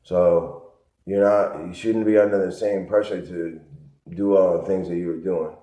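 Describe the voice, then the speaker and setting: A man from Connecticut telling a rambling, repetitive story in a low-key monologue. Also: fairly even intonation, measured pace, dark tone. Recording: echoey, muffled lo-fi room sound.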